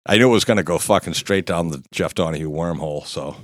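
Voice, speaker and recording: A man's voice: sits low, fast, no echo, clean studio sound. A man in his fifties telling a rowdy, profane story in casual chat, laughing as he goes. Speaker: guest storyteller.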